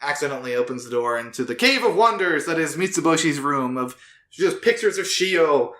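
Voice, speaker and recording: A man co-hosting a casual podcast, retelling an episode loosely with fillers and quick voiced-out quotes. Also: on the high side, expressive, fairly bright tone. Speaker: podcast co-host.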